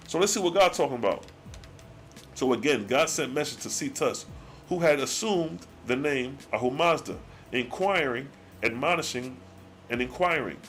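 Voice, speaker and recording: A man leads a live scripture study, moving from slow, solemn reading of archaic verses to loose slangy commentary. His voice sits fairly high and swings widely in pitch, with faint music playing underneath. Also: very animated, a bit bright.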